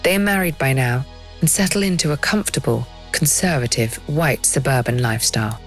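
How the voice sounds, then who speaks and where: A woman giving scripted documentary narration in a measured, dramatic storytelling manner. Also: extremely low pitch, soft background music.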